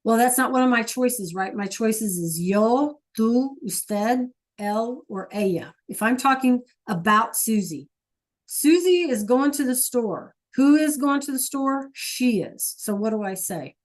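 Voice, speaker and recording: A woman with a fairly high voice leads an online class as a teacher. She talks patiently and coaxingly and keeps firing questions at her students. Her voice comes through a computer mic on a video call. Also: expressive, unhurried. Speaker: Spanish teacher.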